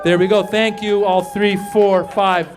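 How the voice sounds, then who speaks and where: A man doing a stand-up comedy set, loudly working the crowd on a club stage. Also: high voice, unhurried, over music. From Iran. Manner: loud animated crowd work. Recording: live club with crowd noise. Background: audience laughter.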